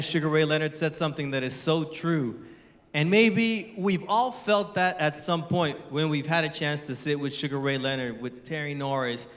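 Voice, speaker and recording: A man's voice: a little high, a bit bright. A man emceeing an awards dinner, announcing presenters and rousing the audience emphatically. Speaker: master of ceremonies. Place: large casino ballroom. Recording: echoey ballroom PA.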